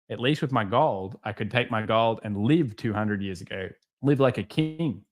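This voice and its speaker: A man hosting a live market stream, reading viewer comments and answering them with sarcastic jokes and animated stories. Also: lowish voice, moderate pace, hardly any pauses. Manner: sarcastic, joking, animated storytelling.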